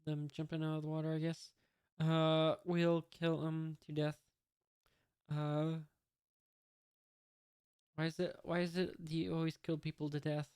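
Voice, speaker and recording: A casual comic reader talks in a smooth, clear voice, close and dry with no room sound. The delivery stays halting and full of fillers, with sound effects and punctuation marks read out loud and dry little asides dropped in between. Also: medium pitch, monotone, no room sound.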